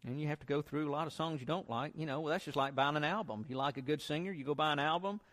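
A man giving an informal sermon, talking in a relaxed, encouraging way and reading scripture aloud. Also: on the high side, fast. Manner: conversational, encouraging, repeats himself, reads scripture aloud. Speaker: preacher.

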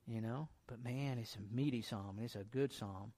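A man giving an informal sermon, talking in a relaxed, encouraging way and reading scripture aloud. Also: medium pitch, moderate pace. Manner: conversational, encouraging, repeats himself, reads scripture aloud. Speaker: preacher.

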